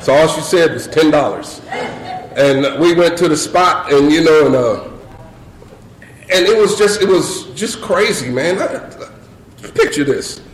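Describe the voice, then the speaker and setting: A man's voice: fairly high pitch, measured pace, long pauses. A middle-aged man telling a humorous personal story at a recovery meeting, acting out scenes and peppering his talk with "you know.". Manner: animated, acts out scenes, many "you know" fillers. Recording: echoey room with faint crowd noise.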